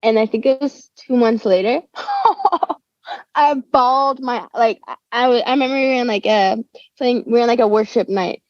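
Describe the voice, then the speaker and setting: A woman's voice: fairly high pitch, expressive, moderate pace, darkish tone, no echo. Slangy young woman, dull dry call audio. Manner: laid-back slangy talk, says dude and bro. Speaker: guest musician. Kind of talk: casual conversational interview. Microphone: remote call.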